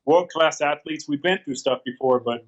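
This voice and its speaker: A man's voice: fairly high pitch, moderate pace. A man in his fifties, a guest in an interview, telling a hard personal story with many fillers and restarts. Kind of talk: candid storytelling. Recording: dull lo-fi sound.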